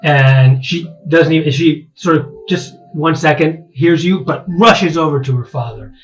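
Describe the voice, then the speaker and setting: A man's voice: a little high, dull audio, soft background music. Man narrating a tabletop game. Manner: halting, full of fillers and restarts. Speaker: dungeon master.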